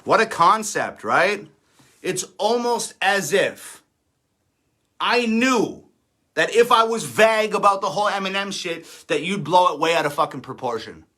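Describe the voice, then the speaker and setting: A man's voice: high-pitched, expressive, measured pace, bright, forceful tone. A man in his thirties, an independent rapper, ranting defiantly and sarcastically on a livestream, swearing often. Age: 30s. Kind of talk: livestream rant.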